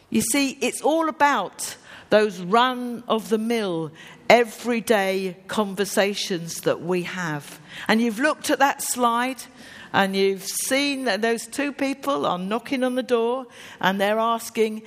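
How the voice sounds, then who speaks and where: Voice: medium pitch, slow pace, fairly bright tone. A preacher giving a conversational sermon to a congregation, putting simple yes-or-no questions to them. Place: church with a congregation. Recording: long reverb of a large hall.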